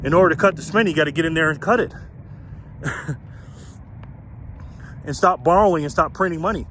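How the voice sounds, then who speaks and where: A man's voice: a little high, brisk. A man giving a rambling outdoor vlog rant, full of rhetorical questions and laughing at his own points, recorded on a handheld mic in the wind. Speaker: political commentary vlogger. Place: outdoors in wind, urban area.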